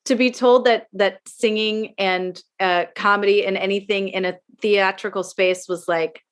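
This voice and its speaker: A woman's voice: medium pitch, steady tone, normal speed, clear, resonant tone. A middle-aged woman performer chatting as a podcast guest, rambling with plenty of fillers. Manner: rambling, lots of fillers, warm praise. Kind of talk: casual chat.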